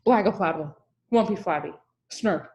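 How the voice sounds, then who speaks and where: A woman's voice: fairly low pitch, normal speed, natural voice. A woman voicing a frustrated toddler girl in a storybook who can only babble nonsense and wail. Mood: babbling. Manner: nonsense babble and loud wails.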